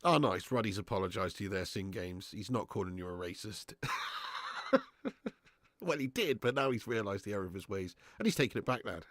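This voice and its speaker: A man's voice: on the low side, animated, brisk, a bit bright, no echo. Laid-back man streaming a watch-along. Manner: laid-back banter, reads out super chats, swears freely. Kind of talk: casual live-stream chat and commentary.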